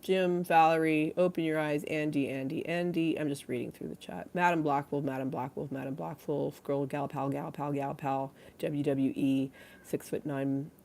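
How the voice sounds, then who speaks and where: A woman's voice: low voice, fairly even intonation, normal speed, vocal fry, a little mellow, slight background noise. A woman hosting a casual livestream, rambling and giggly as she reads out names from the chat. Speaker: livestream host.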